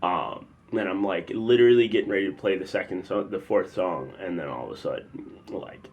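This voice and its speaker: A young man from the Chicago area tells a personal story in a loose, rambling way with lots of fillers, now and then bursting into loud acted quotes. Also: fairly low pitch, fairly quick, slight background noise. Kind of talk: casual spoken storytelling.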